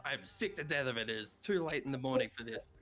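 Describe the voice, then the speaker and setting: A man narrating a tabletop game as game master, with a relaxed, chuckling narration. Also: medium pitch, quick pace, faint music behind.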